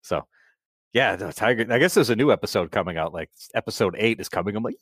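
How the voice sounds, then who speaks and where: A man hosting a casual podcast, animated and quick with laughing asides. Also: fairly low pitch, husky, no room sound, clean studio sound. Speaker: podcast host. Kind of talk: casual chat.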